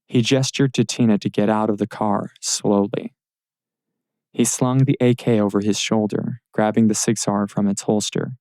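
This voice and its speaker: A low, gravelly, dark-toned man reads an audiobook at a steady, measured pace. He was captured close and dry in a studio booth, and there's no echo at all.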